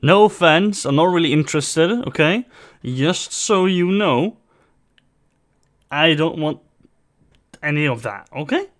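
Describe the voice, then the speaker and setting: This reaction video host, from Sweden, speaks a little slowly with frequent pauses, his voice on the high side and lively in intonation. He rambles opinionatedly with lots of fillers in casual reaction commentary, his English accent a non-native blend of British and American.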